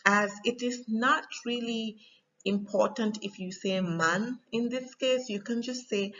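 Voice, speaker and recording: A woman's voice: a little high, fairly bright tone. Woman, language teacher, patient explaining, frequent ums, muffled lo-fi sound. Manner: patient, slow, with frequent ums and spelled-out examples.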